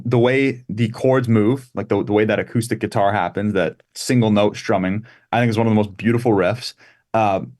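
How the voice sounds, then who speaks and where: A man's voice: on the low side, a little mellow. Chatty Canadian man, easygoing guest. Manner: chatty, laughs easily, rambling lists. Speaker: guest musician. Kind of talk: casual interview chat.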